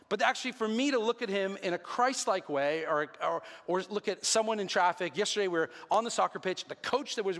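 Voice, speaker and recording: A man's voice: high voice, fairly bright tone. A man in his thirties, a pastor, preaching a sermon in an earnest, conversational way with self-deprecating asides. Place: church sanctuary. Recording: long hall reverb.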